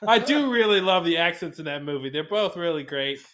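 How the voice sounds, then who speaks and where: A man's voice: a little high, lively intonation, a bit bright. A man co-hosting a podcast in casual chat, joking around with puns and poking fun at himself. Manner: jokey, punning, quick to self-mock. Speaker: podcast co-host.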